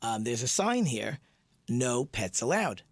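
A man's voice: mid-range voice, very animated, measured pace, no echo, studio quality, pitched below the performer's own voice. A man voicing a polite male pub bouncer in a joke, speaking formally.

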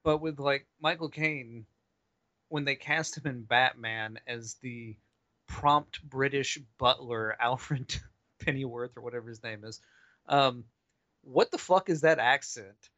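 A man's voice: mid-range voice, slow, pushed and bright, dry recording. A man co-hosting a movie podcast, chatting loosely with profane, laughing asides. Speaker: podcast co-host. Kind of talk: casual movie podcast chat.

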